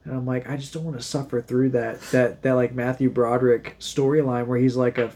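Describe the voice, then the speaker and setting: Husky man tossing in quick reactions. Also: mid-range voice, little pitch movement, mellow. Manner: quick reactions, short enthusiastic interjections. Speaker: podcast co-host. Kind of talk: casual chat.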